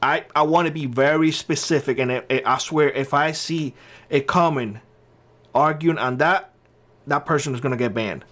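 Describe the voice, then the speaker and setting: Higher-voiced guy ranting his opinions on his channel, blunt, says stuff twice for emphasis. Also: normal speed, a bit bright. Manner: blunt, emphatic, repeats key phrases. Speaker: channel host. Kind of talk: opinion commentary to camera.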